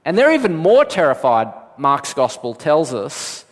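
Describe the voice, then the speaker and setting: A man preaching a sermon as a pastor, animated, switching into quoted voices with big jumps in pitch. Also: measured pace. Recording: long hall reverb.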